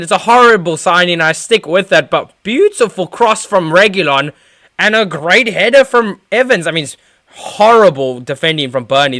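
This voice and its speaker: A man's voice: high voice, bright, forceful tone, no echo, clean studio sound. A man giving rambling live play-by-play as a football fan streamer, with lots of fillers and restarts. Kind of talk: live watchalong match commentary.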